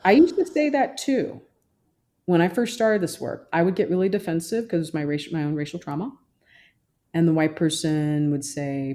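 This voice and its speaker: Emphatic woman therapist, low warm voice. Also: moderate pace. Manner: emphatic, animated, mimics other voices. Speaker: therapist and social worker guest. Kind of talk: podcast interview.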